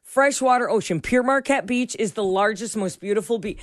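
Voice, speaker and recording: A woman's voice: on the high side, moderate pace, no room sound. Woman radio co-host, casual chat, rambling, dry close studio sound. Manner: rambling, searches for words, restarts. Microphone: studio microphone.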